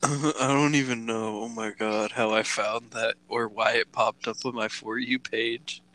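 This young American podcast co-host from Delaware speaks at medium pitch with fairly even intonation, a measured pace, and a sharp tone. He's gaming while he talks, swearing and joking, a laugh never far off.

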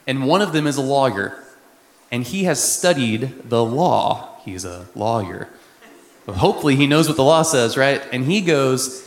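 A man from Texas, a missionary, preaching a sermon in a conversational way with quick asides. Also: mid-range voice. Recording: echoey hall with long reverb.

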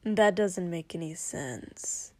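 A woman voicing a drunk young prince who mutters in a low, slurred voice. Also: takes it slowly, vocal fry, darkish tone, no room sound. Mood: protesting. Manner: low muttering, some lines whispered. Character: young drunk male prince, quiet and stubborn.

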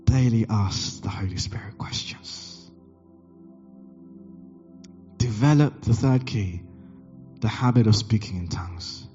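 A male pastor preaching in a lively, storytelling way, acting out each line of dialogue with sudden leaps in pitch. The recording is a bit muffled, with faint music underneath. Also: slow pace, long pauses. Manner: animated, acts out dialogue with big pitch jumps. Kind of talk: sermon with storytelling.

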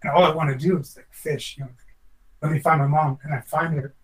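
A man's voice: fairly high pitch, fairly even intonation, a little fast, far from the mic, rough recording. A former chef, a man, telling a long personal story in a podcast interview, reflective and earnest, rambling with many restarts.

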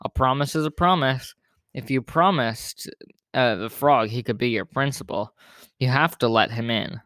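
A measured, orderly schoolteacher addresses her students in an even, sensible way, as a man reading aloud plays her. The sound is dry and close to the mic. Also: mid-range voice, no room sound, natural voice. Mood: calm. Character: calm woman school teacher leading an assembly.

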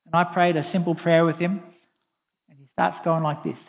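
High-voiced preacher in a reverberant hall. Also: male voice, level tone, normal speed, creaky. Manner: earnest storytelling preacher, quotes scripture. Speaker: pastor. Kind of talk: sermon.

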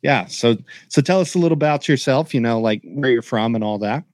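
A man's voice: medium pitch, fairly quick, a little mellow, dry recording. A man from Oklahoma co-hosting a podcast, chatty and joking in casual talk. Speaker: podcast co-host. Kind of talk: casual chat.

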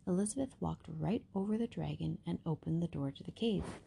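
A woman reading a picture book aloud in a steady, expressive way. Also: lowish voice, a little fast, vocal fry, a little hiss or hum. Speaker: storyteller.

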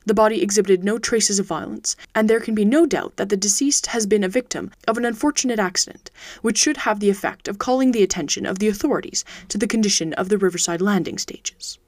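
A woman reading a classic detective story aloud as host of her audiobook podcast, steady and even. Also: mid-range voice, fast, dry recording. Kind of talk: audiobook narration.

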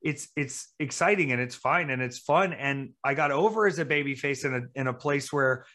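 A man's voice: mid-range voice, normal speed, bright, forceful tone. A man from the American South with a Southern accent, a wrestler guest telling stories in casual chat and acting out quotes. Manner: chatty storyteller, acts out quotes.

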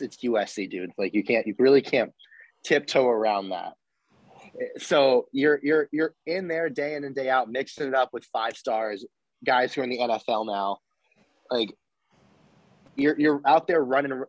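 A young man, a former college football walk-on, telling a story as a podcast guest in a loose, animated way, swearing freely and restarting sentences. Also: mid-range voice, dry recording, low-quality recording. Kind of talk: casual interview storytelling.

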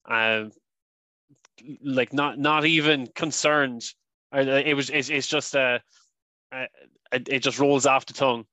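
A man hosts a podcast in a casual, thinking-aloud way, often repeating words as he goes. His voice is bright and clear at a middle pitch, recorded close and dry. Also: steady tone, unhurried, pauses often, no room sound. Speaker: podcast host. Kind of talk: casual interview chat.

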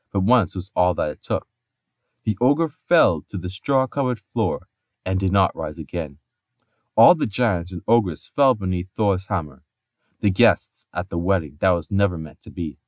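Expressive male myth storyteller, lively pitch. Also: no room sound, studio quality. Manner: expressive storytelling with playful asides. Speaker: podcast host and storyteller. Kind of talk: narrating myths.

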